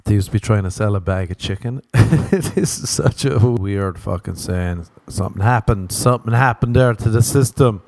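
A man rambles through a solo podcast, cracking jokes, swearing freely and drifting from one tangent to the next. His voice sits low with a mellow, dark tone. The sound is dry and close, with no room in it. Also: normal speed, few pauses, no room sound. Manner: rambling, joking, swears often, laughs at himself. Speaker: podcast host. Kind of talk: casual solo podcast monologue.

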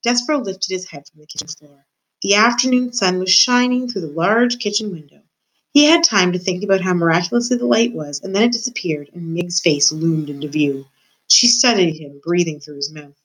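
Expressive woman teacher reading aloud. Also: fairly low pitch, fairly quick, poor audio. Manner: expressive, storytelling. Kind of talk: reading a children's book aloud.

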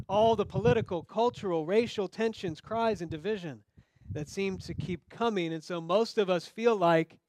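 A man with a fairly high voice preaches a sermon, talking to the congregation as if in conversation. He acts out the voices of the people in the story. The sound is dry, with no echo around him. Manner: conversational, acts out quoted dialogue. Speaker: pastor.

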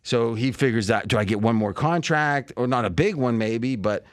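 A man's voice: mid-range voice, moderate pace, no echo. Male podcast host, casual betting talk, meandering, dry close sound. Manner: rambling, thinks aloud with many fillers and restarts. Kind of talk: casual sports betting chat.

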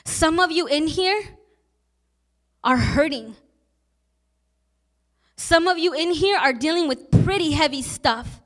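A woman's voice: sits high, expressive, slow, long pauses, fairly bright tone. A young adult woman pastor preaching a sermon, telling personal stories in an earnest, emotional way.

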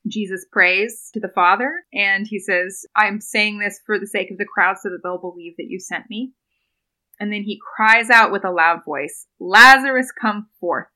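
A woman's voice: mid-range voice, steady tone, normal speed, bright, forceful tone, low-quality recording. A young woman, a doctoral student, talking earnestly in a podcast interview and retelling a scripture story, with frequent ums and small laughs. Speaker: podcast guest, doctoral student in biblical studies.

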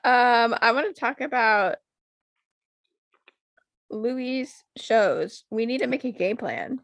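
A woman's voice: on the high side, takes it slowly, fairly bright tone, no room sound. A young woman co-hosting a casual podcast, swearing freely and filling her talk with "like". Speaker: podcast co-host.

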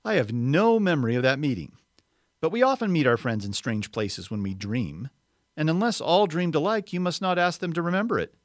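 Man doing a witch queen, sweet and quiet, coaxing, half-mocking, lilting, dry sound. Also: fairly high pitch, lively intonation, brisk, no echo, voice pushed up, lightly acted. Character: soft coaxing enchantress witch queen, female.

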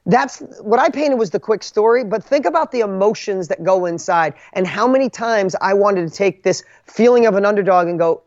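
An emphatic man tells his own story as a guest author, animated and full of restarts. The sound is dry and close, with no room around it. The audio is muffled and dull. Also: high voice, moderate pace, no room sound. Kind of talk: conversational storytelling.

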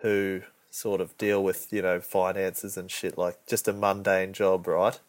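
A man's voice: deep voice, little pitch movement, measured pace, dry recording. A young man co-hosting a podcast, telling stories in crude, laid-back slang. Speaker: podcast co-host. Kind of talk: casual banter.

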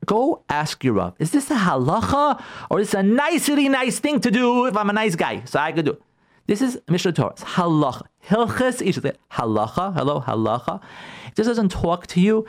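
A man, a rabbi, giving an emphatic radio talk on Jewish law and marriage, repeating key words and acting out his listeners' objections. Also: high-pitched.

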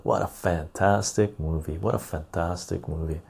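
Gravelly, low-voiced man hosting a stream. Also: unhurried. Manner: reads viewer messages aloud and answers them; relaxed and rambling, with frequent fillers. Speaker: live-stream host. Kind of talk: casual live-stream chat.

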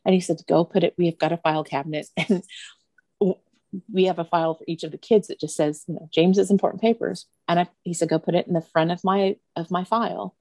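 A middle-aged woman, a guest, telling a personal story earnestly, with pauses and restarts. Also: lowish voice, fairly even intonation, dark tone, dry recording.

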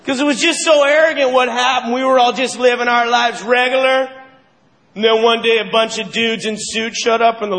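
A male stand-up comedian performing live, ranting animatedly with shouted bursts. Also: very high-pitched, fairly even intonation, fairly quick. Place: large hall stage with live audience. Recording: live hall with audience and ambience.

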